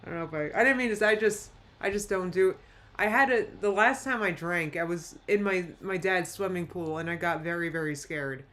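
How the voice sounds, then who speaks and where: A woman hosting a live reaction stream in a casual, rambling chat with quick asides. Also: on the low side, fairly bright tone.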